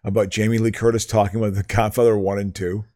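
A man co-hosting a podcast in casual chat, talking loudly, often yelling and laughing into a studio microphone. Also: on the low side, little pitch movement, quick pace, dry recording. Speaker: podcast co-host.

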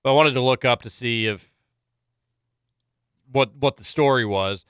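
Bright, smooth-voiced chatty radio host. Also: male voice, mid-range voice, a little slow, no room sound, clean studio sound. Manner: chatty storyteller, filler-heavy. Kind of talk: casual radio banter.

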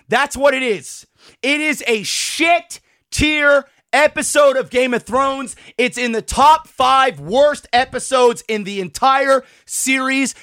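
A high-voiced man with a bright, forceful tone, worked up and ranting. He swears constantly and keeps breaking into exasperated shouts as a podcast co-host. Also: no echo, studio quality. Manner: profane, exasperated, shouting rants. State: worked up and sweating. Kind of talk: heated ranting review.

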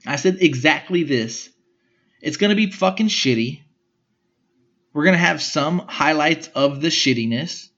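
A young man hosts a podcast, telling rambling, slang-filled stories and swearing often in a casual monologue. His voice is fairly high, animated, unhurried and a bit bright, and the recording sounds muffled.

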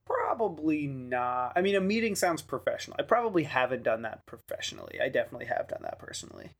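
A man's voice: fairly high pitch, huge pitch swings, quick pace. A man co-hosting a podcast in casual chat, joking around and laughing often. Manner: joking, laughs a lot, loose filler-heavy talk. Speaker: podcast co-host.

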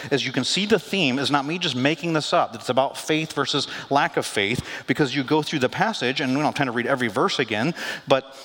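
A man preaching a sermon as pastor, conversational and animated, acting out quoted lines with asides. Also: medium pitch. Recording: long hall reverb.

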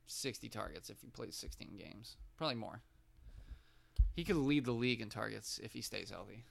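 A man's voice: on the low side, animated, normal speed, creaky. A man co-hosting a casual fantasy football podcast, giving loose, opinionated takes in slangy banter. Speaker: podcast co-host.

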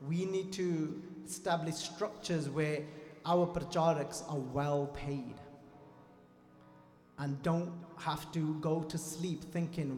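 A Sikh preacher with a somewhat high, steady, slightly mellow voice delivers a fervent sermon slowly. He repeats lines emphatically and speaks straight to the congregation. The echoey hall carries faint music.

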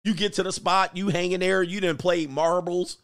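A man hosts a loose, casual commentary rant with a slightly higher-than-usual voice. He tells stories in an animated way and acts out the other characters himself. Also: normal speed. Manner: animated storytelling, acts out voices, laughs often. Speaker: host.

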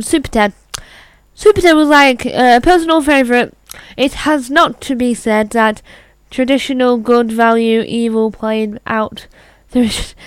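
Slow, chatty British woman vlogger. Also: a little high, fairly bright tone, clear, resonant tone, no echo. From Britain. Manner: chatty, reads aloud with stumbles and asides. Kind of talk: casual chat reading an article aloud.

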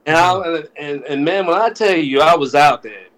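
A man's voice: a little high, normal speed. A man co-hosting a podcast, telling casual stories, stammering and restarting, acting out what friends said. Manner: animated, laughing, acts out quoted friends. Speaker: podcast co-host. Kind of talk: casual storytelling chat.

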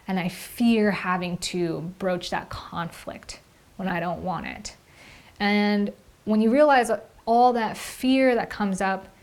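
A young woman hosting a reflective personal monologue, earnest and heartfelt, often filling with "like". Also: medium pitch. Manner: earnest, heartfelt, with frequent "like" fillers. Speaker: podcast host.

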